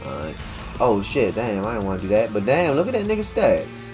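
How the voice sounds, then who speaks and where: A man's voice: on the low side, wildly swooping pitch, brisk. A man chatting casually and profanely while streaming a fighting game, rambling and joking around. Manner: laid-back, rambling, profane, slips into goofy freestyle rhymes. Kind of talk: casual gaming stream chat. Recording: game music playing loudly underneath. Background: game music.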